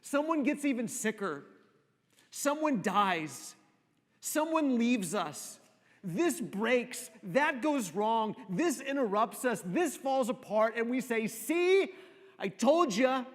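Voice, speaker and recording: A man preaching a sermon, repeating phrases for emphasis and dropping to soft, slow pauses. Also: very high-pitched, lively intonation. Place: church sanctuary. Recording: long reverb of a church hall.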